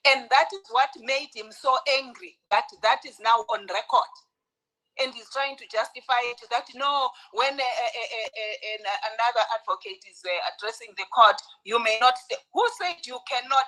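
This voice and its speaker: A woman's voice: on the high side, normal speed, bright, forceful tone, poor audio. A woman from South Africa on a podcast panel, speaking with heated, emphatic indignation. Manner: indignant, emphatic, stacks up complaints. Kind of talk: heated casual commentary.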